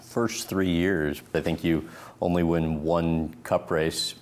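A male interviewer with a very deep, low voice asks short, measured questions. He sounds calm and economical with his words.

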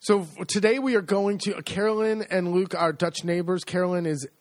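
A man's voice: high voice, steady tone, normal speed, no room sound. A middle-aged American man chatting casually as co-host, rambling and self-deprecating, with many restarts. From United States. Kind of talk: casual chat.

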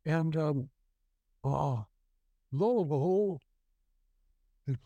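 Older male guest actor; rambling storyteller, warm dark timbre, close dry mic. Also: a little high, drawn-out words, dry recording. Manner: rambling, many restarts and fillers. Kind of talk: storytelling interview.

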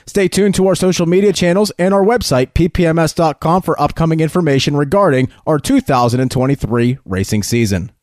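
A man's voice: a little high, a little fast, few pauses, a little mellow, dry recording, studio quality. A man reading a scripted speedway announcement, steadily listing sponsor and champion names.

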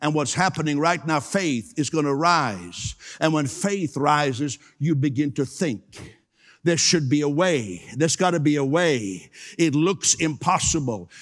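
A man's voice: a little high, big-room sound. A man preaching a sermon, emphatic, repeating key phrases and asking the congregation to say them with him.

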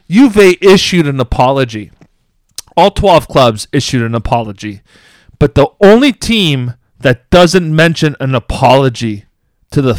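Casting: heated male podcast co-host, somewhat high voice, angry emphatic ranting, dry close mic. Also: no echo. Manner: angry, swearing, emphatic rants.

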